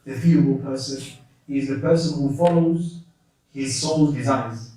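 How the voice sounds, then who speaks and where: A man teaching a lesson in a mosque classroom, explaining terms in a quick, conversational way with many restarts. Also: medium pitch, fairly even intonation, dark tone. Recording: echoey room from a distance.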